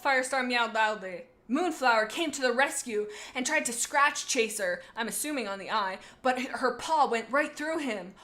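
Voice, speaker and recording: A woman's voice: fairly high pitch, normal speed, few pauses, sharp tone. A woman reading fan fiction aloud as host, with goofy, playfully sarcastic asides. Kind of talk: comedic reading with commentary.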